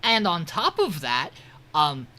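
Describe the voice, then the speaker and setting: Man, podcast co-host, casual recap, lots of ums, swears freely, bright and forceful tone. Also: a little high, wildly swooping pitch, slow. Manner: loose, profane, filler-heavy storytelling. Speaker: podcast co-host reviewing anime. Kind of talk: casual episode recap chat.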